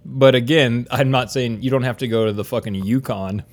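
A man hosting a casual podcast, joking and rambling through loose banter with quick asides. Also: medium pitch. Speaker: podcast host.

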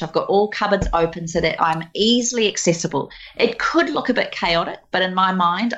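A woman tells personal stories as a guest, animated and expressive. Her voice sits low for a woman. The recording is slightly dull and lo-fi. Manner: animated, expressive storyteller who slips into voices. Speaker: guest speaker. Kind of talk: casual conversational storytelling.

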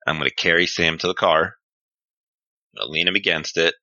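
A very deep-voiced man plays a big gruff bruiser in a tabletop game, blunt and quick to curse. His tone is forceful and sharp. The mic sounds dull and muffled, with a dry, close sound. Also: dry recording, soft background music. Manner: blunt, swears a lot. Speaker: player. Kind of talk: tabletop role-play, in and out of character.

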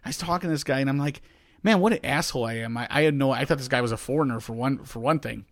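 A man's voice: medium pitch, rapid-fire, no echo, clean studio sound. Chatty Chicago man telling a story. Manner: rambling anecdotes, acts out quoted voices. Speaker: podcast co-host. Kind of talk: casual chat, storytelling.

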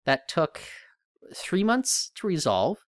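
A man co-hosting a podcast in casual chat, thinking aloud and rambling with restarts and animated questions. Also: fairly high pitch, slow pace, dry recording, clean studio sound. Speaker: podcast co-host.

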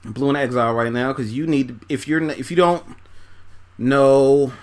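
Apparently folding laundry as he goes, a man casually reviews an album song by song and assigns each a score. He speaks at a moderate pace in a medium-pitched voice, rambling loosely with swearing, fillers, and restarts.

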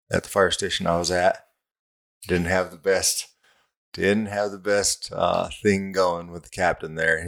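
A man's voice: low voice, gravelly, a bit bright. A middle-aged man, a fire captain, telling his story in a blunt, profane, self-mocking way in a casual interview. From Southern California.

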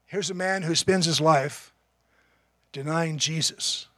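A man's voice: a little high, takes it slowly, a bit bright, no room sound, studio quality. A man preaching a sermon as pastor, telling a story in an earnest, emphatic way.

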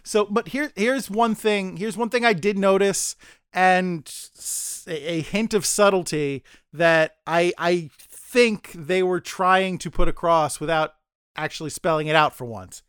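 A man's voice: sits high, measured pace, fairly bright tone, clean tone, no echo, clean studio sound. A man co-hosting a casual podcast discussion, rambling and often stammering as he restarts his sentences. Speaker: podcast co-host.

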